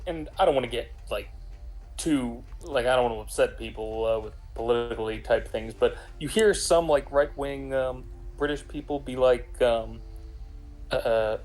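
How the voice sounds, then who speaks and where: Man in casual gaming chat, rambling with lots of restarts, mid-pitched voice over quiet game music. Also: normal speed, low-quality recording. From United States. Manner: rambling, many fillers and restarts. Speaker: co-player in a game stream.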